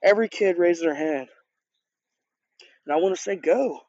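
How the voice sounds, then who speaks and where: Man, youth leader, high voice, casual earnest sermon, dull dry recording. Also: normal speed, pauses often, a little mellow, no room sound. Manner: earnest and conversational, with many restarts and repeated words.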